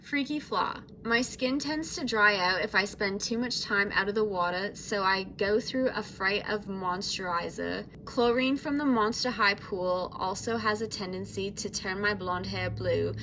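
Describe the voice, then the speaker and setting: A woman's voice: medium pitch, normal speed, hardly any pauses, fairly bright tone, slight background noise, lightly acted, poor audio. A woman voicing a laid-back teenage sea-monster surfer girl in a put-on mix of British, Australian and American accents, reading her diary aloud. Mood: breezy. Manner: breezy, chill beach talk.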